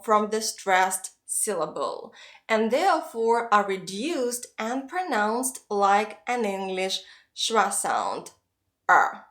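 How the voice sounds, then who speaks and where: A woman teaching pronunciation, explaining each sound slowly and carefully. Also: a little high, fairly bright tone. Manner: slow, careful, clearly spelling out sounds. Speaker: Russian language teacher. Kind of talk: pronunciation lesson.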